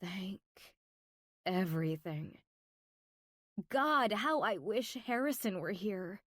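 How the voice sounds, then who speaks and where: A woman's voice: medium pitch, animated, slow pace, pauses often, a bit bright, dry recording. A woman narrates a romance audiobook in the first person, taking her time over every line. Her delivery is intimate and emotional, slipping into whispers. The recording is close and dry, with no room around her.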